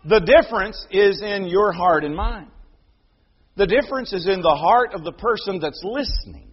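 A middle-aged man preaching a sermon. He moves between loud proclaiming and quiet, personal storytelling. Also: sits high, expressive, moderate pace, husky. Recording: dull lo-fi sound.

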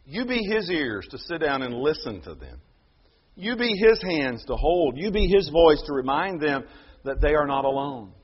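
A man preaching a sermon, emphatic, his voice swelling to loud peaks and then dropping soft. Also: fairly high pitch, sing-song, normal speed, breathy edge, muffled recording. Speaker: pastor.

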